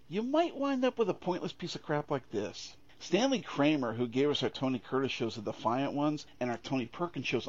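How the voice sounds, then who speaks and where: A man's voice: mid-range voice, a little mellow, muffled recording. A man co-hosting a casual film review podcast, sardonic, opinionated and freely profane. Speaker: podcast co-host.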